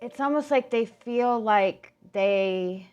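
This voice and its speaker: Her voice pitched on the high side with a darkish tone, a woman gives a laid-back tarot reading while hoarse and losing her voice. She stumbles along, restarting words and leaning on "like" as filler.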